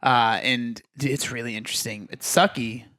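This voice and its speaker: A young man co-hosting a podcast, chatting casually and giving opinions with quick asides. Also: mid-range voice, fairly even intonation, sharp tone. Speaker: podcast co-host. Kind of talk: casual chat.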